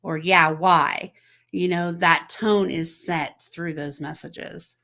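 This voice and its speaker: A woman's voice: fairly low pitch, steady tone, slow, vocal fry, bright, forceful tone. A woman hosting a casual chat to camera, talking in a conversational way, asking the viewer questions and acting out text messages in quoted voices. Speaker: host.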